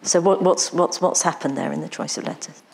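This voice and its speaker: A woman's voice: lowish voice, very animated, a little fast, gravelly, a little hiss or hum. A woman tutor running a mock admissions interview, repeating words as she asks probing questions. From England.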